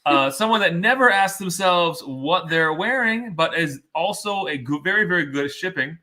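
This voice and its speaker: A man co-hosts a whiskey livestream, rambling through jokes with deadpan asides. His voice is bright and forceful and sits a little high for a man. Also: moderate pace. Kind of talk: casual livestream banter.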